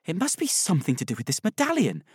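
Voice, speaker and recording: Man doing a squeaky, startled young boy for a storybook reading, dry close sound. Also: huge pitch swings, fast talker, breathy edge, no echo, heavily acted.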